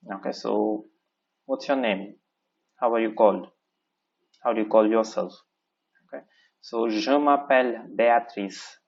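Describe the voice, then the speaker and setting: A man teaching a French lesson in English, explaining step by step and repeating each phrase with plenty of "okay" and "so". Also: on the low side. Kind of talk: recorded classroom lesson. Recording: dull lo-fi recording.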